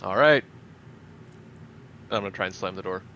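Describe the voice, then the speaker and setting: Casual male player, low and bright-toned, dull distant mic. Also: normal speed, a little hiss or hum. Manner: casual, offhand. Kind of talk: casual tabletop play.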